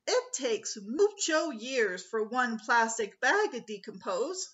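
A woman's voice: on the high side, sing-song, slow pace, a bit bright, highs cut off, exaggerated voice. Woman doing a prim know-it-all bunny girl.

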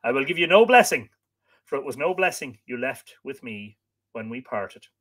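A man's voice: mid-range voice, lively intonation, normal speed, a bit bright. A man voicing a fierce, proud fairy woman of the Sidhe, cold and scornful.

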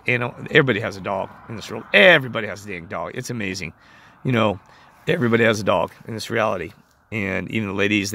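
A man's voice: fairly low pitch, vocal fry, fairly bright tone. A man hosting his own channel, talking in an emphatic, rambling monologue full of fillers and restarts. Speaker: channel host.

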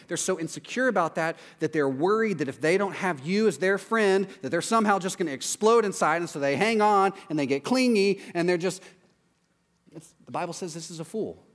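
Male preacher, conversational sermon, raised pitch, long church-hall reverb. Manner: conversational, acts out quoted voices, frequent "right?" asides. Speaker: pastor.

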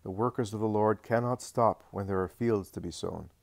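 A man reading the lines of Jesus as a calm, patient male teacher in a religious audiobook. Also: fairly low pitch, vocal fry, no room sound, clean studio sound. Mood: gently instructive. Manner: measured, patient, reassuring.

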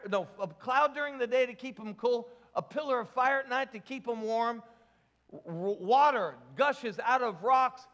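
A man's voice: extremely high pitch, a bit bright, in a large hall. A man preaching a sermon as pastor, joking and asking the congregation questions. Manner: jokey, asks the congregation questions.

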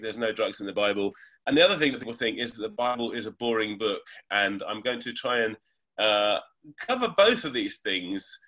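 Bright, animated man explaining as a guest. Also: mid-range voice. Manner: animated, thoughtful explainer with fillers. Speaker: guest, reverend and hypnotherapist. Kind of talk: explanatory interview talk.

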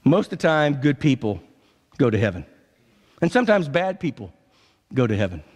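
A man preaching a sermon as pastor, swinging between impassioned declarations and low, drawn-out lines. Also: very animated, a little mellow. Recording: reverberant church sanctuary.

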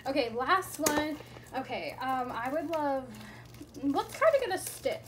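High-voiced woman gushing over toys. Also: a little slow, slight background noise. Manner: gushing, squealing with excitement at each reveal. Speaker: toy unboxing vlogger. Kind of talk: casual unboxing chat.

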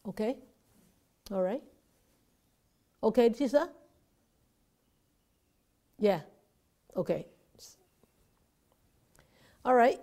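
A woman's voice: fairly high pitch, animated, very slow, long pauses, mellow. A Buddhist nun teaching an informal Dharma class over a video call, talking conversationally, often restarting and repeating words and checking in with her listeners.

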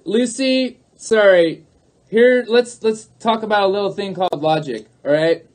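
A man's voice: sits high, darkish tone. A man on a livestream who talks to his chat, arguing in a mocking, sarcastic way and repeating his points. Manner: argumentative, repeats himself. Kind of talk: livestream talk answering chat.

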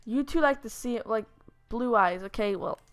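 Young woman gamer, chatty and playful, slightly high voice, soft game music under her. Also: moderate pace, no room sound. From Lithuania. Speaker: gaming YouTuber. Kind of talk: casual let's-play commentary.

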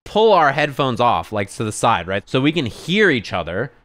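A man telling a lively anecdote on his stream in casual chat, sometimes acting out other people yelling. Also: moderate pace, no echo. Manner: animated anecdote, acts out others yelling in high pitch.

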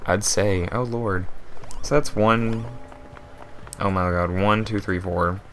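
A man's voice: on the low side, steady tone, slow pace, fairly bright tone, soft background music. A young man hosting a let's play, joking as he reads game text aloud and riffs on it. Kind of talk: casual gameplay commentary.

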